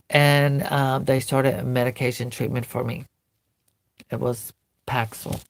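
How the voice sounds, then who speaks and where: A woman's voice: very deep voice, level tone, slow pace, gravelly, no echo. Woman telling a personal story, dry sound. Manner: earnest, recounting a painful memory in vivid present tense. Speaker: doll collector vlogger.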